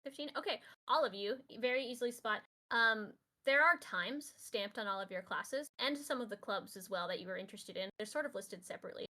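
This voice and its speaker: Woman game master, bit high, bright and sharp, chatty with lots of ums. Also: fairly quick, few pauses. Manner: casual, filler-heavy narration. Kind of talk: narrating a tabletop game.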